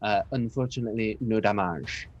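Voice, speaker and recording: A man narrating a tabletop game as dungeon master, relaxed and loose, with many filler words. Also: lowish voice, normal speed, lo-fi sound. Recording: faint music behind.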